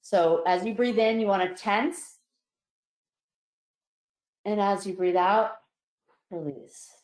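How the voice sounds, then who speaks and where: A woman psychologist guiding listeners through a relaxation exercise, calm and slow, her voice softening on each release. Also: medium pitch. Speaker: psychologist presenter. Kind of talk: guided relaxation instruction. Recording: roomy echo.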